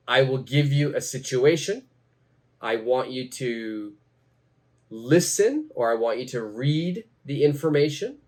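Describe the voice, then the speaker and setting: A man teaching an English lesson, speaking slowly and repeating each phrase for learners. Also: medium pitch, darkish tone. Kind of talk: slow, deliberate teaching.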